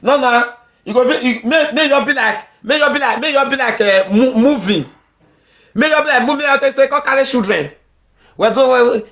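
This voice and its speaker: A woman with a fairly high, somewhat bright voice and a Nigerian accent rants angrily in heated social media commentary. She mixes pidgin with English and often repeats herself.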